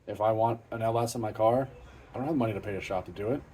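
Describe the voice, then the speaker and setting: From his home garage, a middle-aged car channel host rattles off an improvised vlog in a warm, lowish voice at a quick pace, with slight background noise. He's plain-spoken and profane, swearing freely while staying blunt, matter-of-fact and self-deprecating.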